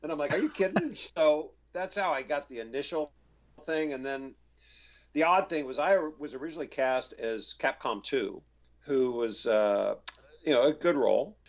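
A man's voice: medium pitch, normal speed, highs cut off. A man, an actor guest in an interview, telling stories casually and acting out the voices he quotes. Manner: animated anecdotes, acts out quoted voices.

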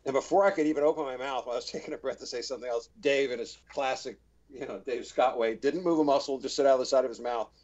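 A man's voice: medium pitch, quick pace, darkish tone. Chatty man telling set stories, muffled audio. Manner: chatty, many restarts, acts out quoted voices. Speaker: actor guest. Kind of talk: relaxed anecdotal storytelling. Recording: slightly dull, muffled audio.

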